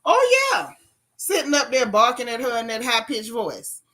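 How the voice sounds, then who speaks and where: Sassy woman w/ aave reading chat out loud, bright tense voice, kinda high. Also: normal speed. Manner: animated, sassy, reads chat aloud with jokes and put-on voices. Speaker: host reading live chat. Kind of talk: casual chat.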